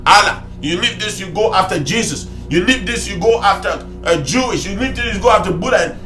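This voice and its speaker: A man preaching an impassioned sermon, going from shouted peaks to low, quiet asides. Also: expressive, brisk, hardly any pauses. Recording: roomy sound with faint music behind.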